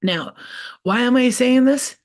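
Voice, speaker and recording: A woman's voice: a little high, a little slow. A woman who works as a psychic medium, chatting casually in a slangy vlog and laughing often, recorded on a laptop's built-in mic at home. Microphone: laptop built-in camera mic.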